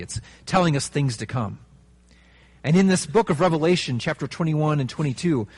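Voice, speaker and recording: A man preaching a sermon in a conversational, animated way, with fillers and asides. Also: medium pitch, husky. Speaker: pastor.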